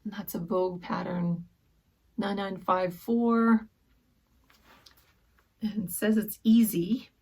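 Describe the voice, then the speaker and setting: A woman vlogger chatting through a sewing haul, gushing softly and often dropping to a whisper over fabrics and books. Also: medium pitch, steady tone, slow, pauses often, husky. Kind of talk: casual haul chat.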